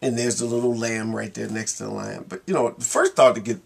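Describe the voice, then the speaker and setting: Gravelly, husky-voiced man musing casually. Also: on the low side, steady tone, brisk. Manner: rambling, wry, laughs at himself. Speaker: vlogger. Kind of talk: casual reflective monologue.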